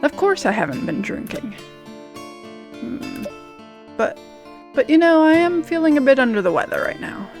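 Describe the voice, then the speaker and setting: A woman voicing a gruff, tipsy middle-aged male train conductor as she reads game dialogue aloud; he sounds blustery and dismissive and stumbles over his words. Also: high-pitched, very animated, moderate pace, long pauses, darkish tone, soft background music. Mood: defensive.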